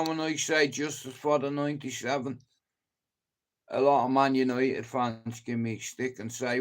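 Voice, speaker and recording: A middle-aged man from Ireland hosting a livestream, telling rambling stories in casual chat and swearing a lot. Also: medium pitch. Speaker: livestream host.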